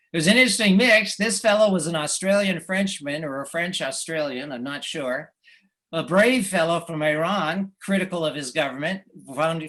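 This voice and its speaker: American guy, slightly high voice, wry slide talk full of uhs and chuckles. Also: a bit bright. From United States. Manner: wry, hesitant with frequent uh fillers, chuckles. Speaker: cartoonist giving a slide talk. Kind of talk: anecdotal presentation with slides.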